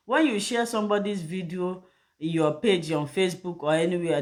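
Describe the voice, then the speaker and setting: A man's voice: high voice, brisk. A man hosting his own channel, talking straight to camera, pleading with and scolding his viewers through repeated questions. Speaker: channel host. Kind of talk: direct-to-camera vlog talk.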